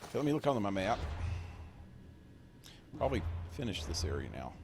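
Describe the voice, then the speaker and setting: A man's voice: lowish voice, very animated, fairly quick, background noise. A man streaming a game, cracking crude jokes and commenting casually on what he sees as he plays. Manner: joking, crude wisecracks while playing.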